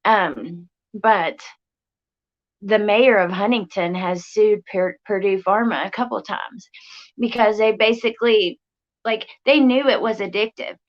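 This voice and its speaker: A young woman, hosting a casual livestream chat, speaking softly and haltingly with many pauses and fillers. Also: medium pitch. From West Virginia, USA. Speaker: livestream host. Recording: lo-fi, muffled stream audio.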